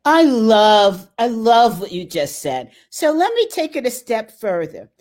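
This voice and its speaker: A woman's voice: a little high, very animated, unhurried, a little mellow. A woman hosting an interview, enthusiastic and encouraging toward her guest. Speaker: host. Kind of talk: conversational interview.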